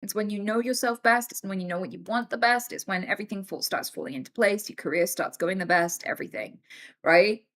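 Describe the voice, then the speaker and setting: A woman in her thirties chats loosely and directly with her stream viewers, talking a little fast in a mid-range pitch. She's animated and swears freely, even mimicking other people's voices to act out what they said.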